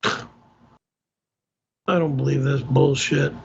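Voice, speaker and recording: A man hosting a livestream and reading out tips, gruff and easily exasperated, swearing often, talking while wearing a tight neck brace. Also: medium pitch, completely flat delivery, slow, lo-fi sound. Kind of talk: casual livestream talk.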